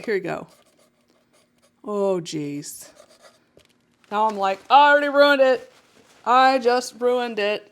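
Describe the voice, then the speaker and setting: A woman painter talking casually to viewers as she works, chatty and self-mocking, often laughing at herself. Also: mid-range voice.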